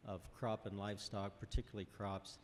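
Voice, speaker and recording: A man speaking on a workshop panel, out of breath and halting, with many restarts. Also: lowish voice, flat delivery, a little hiss or hum. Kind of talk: panel discussion.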